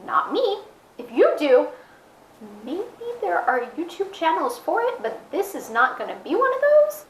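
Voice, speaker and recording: A woman's voice: extremely high pitch, big pitch swings, unhurried, reverberant, a little hiss or hum, rough recording. A woman vlogging casually to an action camera at home, chatty and self-mocking, rambling as she talks. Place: indoors at home, with her dog nearby. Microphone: camera mic, fisheye action camera.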